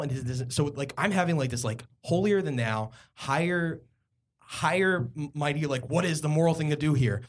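A man's voice: fairly high pitch, lively intonation, a little fast. A young man from Philadelphia telling a true story on stage at a live comedy podcast, rambling and self-mocking with plenty of fillers.

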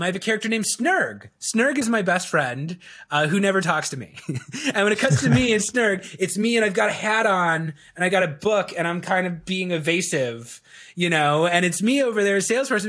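A high-pitched man gives lively, casual interview talk. He rambles animatedly and leans on plenty of fillers. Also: a little fast. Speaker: guest, video coach.

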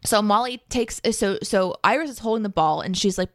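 Animated, swearing woman storyteller. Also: medium pitch, brisk, dry recording, clean studio sound. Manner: animated storyteller, swears freely, acts out voices. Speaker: podcast co-host. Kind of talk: casual chat.

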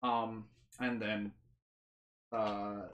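A woman's voice: extremely low pitch, little pitch movement, very slow. A woman running a tabletop game as game master, narrating casually and hesitantly. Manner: hesitant, many ums and uhs.

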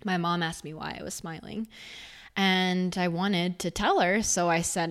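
A woman speaking candidly and reflectively in a personal storytelling monologue, her loudness rising and falling as she goes. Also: lowish voice, steady tone, measured pace, clean tone. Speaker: speaker on faith and sexuality.

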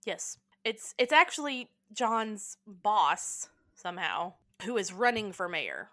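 A woman's voice: medium pitch, very animated, slow pace, sharp tone. A woman co-hosting a casual movie chat, talking freely and laughing often at herself. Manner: chatty, laughs often, self-deprecating. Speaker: podcast co-host.

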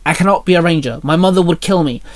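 A man voicing a sharp-tongued, grieving young woman who talks in curt, snappy lines. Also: a little high, quick pace, close to an everyday voice.

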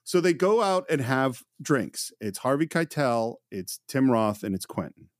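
A man co-hosting a film podcast, telling behind-the-scenes stories in a casual, animated way and acting out quotes. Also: medium pitch, unhurried, no echo, clean studio sound. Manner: animated storyteller, acts out quotes. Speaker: podcast co-host.

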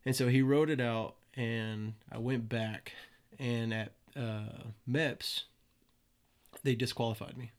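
A man's voice: medium pitch, steady tone, takes it slowly. Laid-back young man telling stories. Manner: loose and profane, laughs at his own stories. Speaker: guest. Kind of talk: casual storytelling.

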